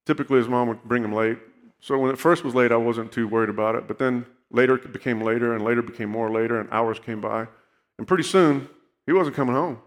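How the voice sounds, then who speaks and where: A man's voice: medium pitch, long reverb tail. A man giving a personal testimony in an earnest storytelling way, often checking in with the listeners. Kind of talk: sermon testimony.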